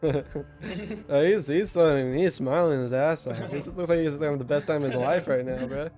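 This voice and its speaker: A young man running a tabletop game as game master, talking in a loose, relaxed way with lots of fillers and restarts. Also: a little high, normal speed, over music. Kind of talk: casual tabletop game narration.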